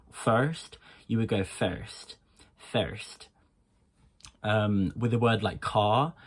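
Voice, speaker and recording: A man from Birmingham, speaking with its accent, talks through an accent lesson in a relaxed, loose way, full of ums and short restarts. His voice sits a little low, and he keeps breaking off to say sample words aloud. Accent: Birmingham English. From England. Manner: loose and chatty, with many ums, breaking off to demonstrate sounds. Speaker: accent coach. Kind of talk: casual accent tutorial.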